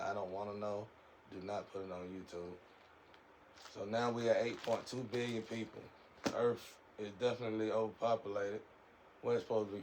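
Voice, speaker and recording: A man's voice: on the low side, darkish tone, slight background noise, rough recording. A man giving a rambling, preachy spiritual monologue in a casual way, often repeating his words.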